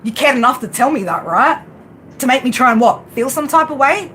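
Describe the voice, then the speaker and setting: A woman's voice: high-pitched, expressive, brisk, fairly bright tone, slight background noise. A woman who reads tarot, ranting unscripted on her stream, swearing freely and firing off rhetorical questions with a constant "right?". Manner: profane and combative, rhetorical questions, frequent "right?". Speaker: tarot and spiritual reader. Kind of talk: unscripted livestream rant.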